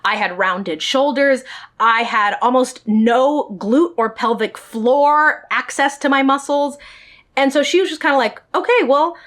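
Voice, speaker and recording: A woman's voice: sits high, unhurried, a bit bright. A woman telling a personal story in a storytime vlog, speaking directly to her viewers. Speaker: vlogger.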